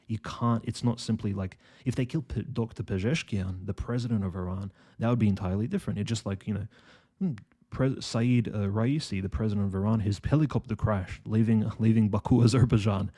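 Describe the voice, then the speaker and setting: A man's voice: on the low side, fairly quick, dark tone, slightly rough. A man co-hosting a casual online political discussion, talking in a hesitant way with many restarts and fillers. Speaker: co-host.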